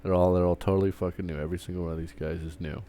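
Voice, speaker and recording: Deep-voiced streamer guy ranting, swears a lot, keeps restarting sentences. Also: little pitch movement, racing, dark tone. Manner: profane, rambling, restarts often. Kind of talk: casual rant while streaming.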